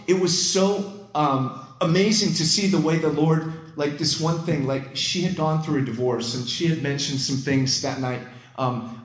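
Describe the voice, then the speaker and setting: A pastor preaching in a fairly high voice that sits a little above most men's. He tells his stories in an excited rush, starting over and repeating words as he goes. His voice rings around an echoey room. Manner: excited, fast storytelling with many restarts and repeated words. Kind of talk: sermon.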